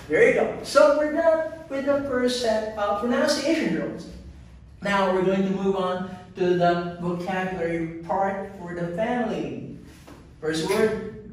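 A man teaching an English lesson, drilling pronunciation by repeating each word three times in a slow, deliberate way. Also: sits high. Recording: echoey room, voice from a distance.

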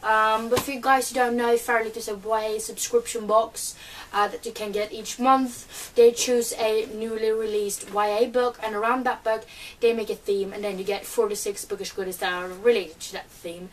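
A woman's voice: a little high, level tone, normal speed, recorded from a distance, slight background noise, poor audio. A woman with a cold, chatting eagerly as she unboxes items at home for her channel. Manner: chatty and eager, many fillers. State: has a cold. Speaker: book vlogger. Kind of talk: casual unboxing chat.

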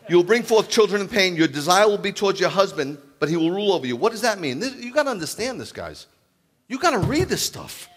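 Animated joking rabbi in his fifties. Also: high voice, fast. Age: 50s. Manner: animated, jokey, acts out quoted dialogue. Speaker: rabbi preaching. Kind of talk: humorous storytelling sermon.

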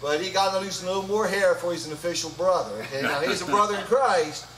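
Between songs at a live gospel concert in a church hall, the man fronting the band as singer and leader jokes in a folksy patter. He speaks quickly in a high voice, with crowd noise and guitar music around him, recorded distantly in the roomy hall.

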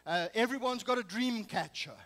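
A man's voice: extremely high pitch, animated, normal speed, fairly bright tone, big-room sound, rough recording. A man preaching a sermon as pastor, emphatic and full of rhetorical questions. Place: church sanctuary.

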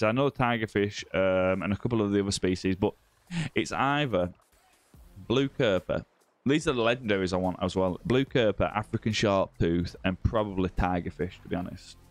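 A man's voice: on the low side, no room sound. A man hosting a live gaming stream, chatting casually with viewers and greeting them by name. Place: indoor room with ring light.

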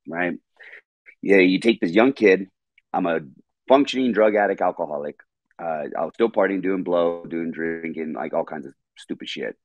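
A man guest on a podcast telling a story in a casual, animated, profane way, repeating words when excited. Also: deep voice, dry recording.

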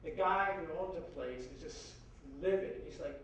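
A man speaking as a guest at a university forum, telling an anecdote in a lively way and acting out the voices of the people in it, with many "like"s and "you know"s. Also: sits high, unhurried, highs cut off. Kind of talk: animated anecdote storytelling. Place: university lecture hall. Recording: very echoey hall from far off, faint noise.

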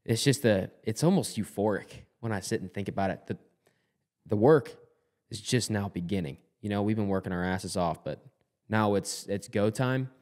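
A man's voice: fairly low pitch, normal speed, a little mellow. A man co-hosting a podcast, a former player and coach, talking in a blunt, fired-up way and swearing freely. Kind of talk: casual podcast chat.

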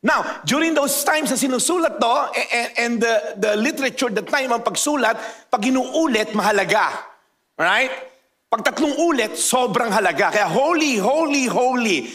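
A Filipino man preaching to his congregation in a very high voice. He jokes with the crowd between points, then slows right down to drive a phrase home. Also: lively intonation, a bit bright. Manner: mixes English and Tagalog, playful asides to the congregation; slows down to stress key phrases. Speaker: pastor. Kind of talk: sermon.

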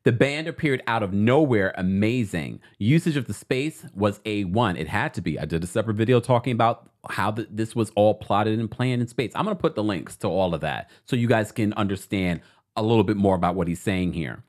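A man hosting an entertainment commentary channel, reading out social posts and reacting to them in a casual, animated way. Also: on the low side, a little fast. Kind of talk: casual commentary with a sponsor read.

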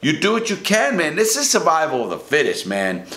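A man's voice: fairly high pitch, wildly swooping pitch, fairly quick, bright, forceful tone. A middle-aged man bluntly recounting his time in prison in a casual, profane, rambling way, full of restarts. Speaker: ex-prisoner storyteller. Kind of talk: casual first-person storytelling. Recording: echoey room.

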